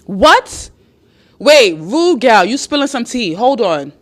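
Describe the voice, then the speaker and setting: A woman's voice: fairly high pitch, big pitch swings, measured pace. Blunt, heated woman live-streamer. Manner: blunt and heated, swears freely; repeats herself for emphasis. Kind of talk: live-stream chat reading viewer comments.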